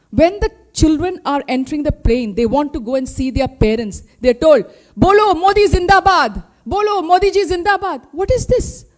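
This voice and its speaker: A woman with an Indian English accent speaks at a press briefing, her voice pitched noticeably high. She presses her points with one pointed rhetorical question after another, speaking as a spokesperson for her party. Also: warm tone. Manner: impassioned, full of rhetorical questions. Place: party headquarters press room.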